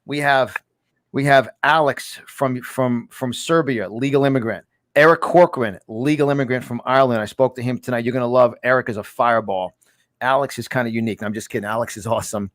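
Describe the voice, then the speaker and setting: A man hosting a talk podcast, speaking excitably with many restarts and repeated words. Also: mid-range voice, brisk, dry recording. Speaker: podcast host. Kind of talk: casual talk show chat.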